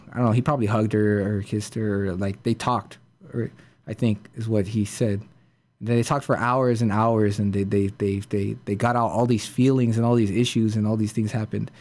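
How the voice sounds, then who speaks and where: A man's voice: lowish voice, dark tone. A man hosting a podcast, retelling a story in a casual, rambling way full of fillers and restarts. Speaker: podcast host.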